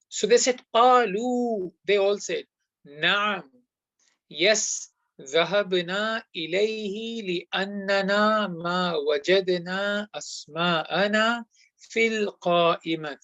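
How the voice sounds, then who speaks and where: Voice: medium pitch, a bit bright, no echo, highs cut off. An Arabic teacher giving an online class lesson, who explains step by step, quizzes the students and sprinkles in devout phrases.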